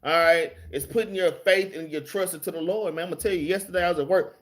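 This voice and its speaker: High-voiced man teaching on phone. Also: fast. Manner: slangy, streetwise, swears freely while preaching; addresses listeners as y'all and man. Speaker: Bible class teacher. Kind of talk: casual live-streamed Bible study.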